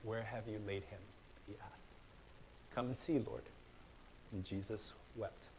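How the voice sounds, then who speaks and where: A young man preaching a sermon in a church, conversational and relaxed, with fillers and restarts, rising to loud, emphatic stretches. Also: fairly low pitch, unhurried, a little hiss or hum, low-quality recording. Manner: casual, conversational preaching with fillers and repeated starts; builds to loud, emphatic passages. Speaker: pastor. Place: church hall.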